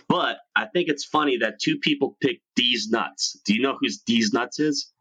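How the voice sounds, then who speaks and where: A man's voice: mid-range voice, a little slow, bright, forceful tone, breathy edge. A man from New York hosting a casual chat show, swearing freely and laughing often. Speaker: podcast host.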